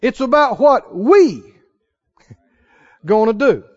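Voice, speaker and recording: A man preaching with a very high, lively voice that swoops and climbs to shouted peaks. He acts out quotes and reads scripture with dramatic weight. The sound is dull and lo-fi. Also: very slow. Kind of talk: sermon.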